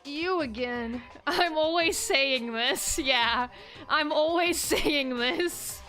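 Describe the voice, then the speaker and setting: Woman streamer, high voice, bright tone, playful game commentary, faint music behind. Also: slow. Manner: playful, laughs often, reads in-game lines aloud.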